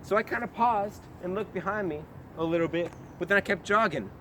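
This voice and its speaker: Out on a wooded trail, a young American vlogger films himself on a handheld camera, spinning a rambling comic story in a mock-serious tone. His voice sits high and runs a little fast, and the recording is very noisy.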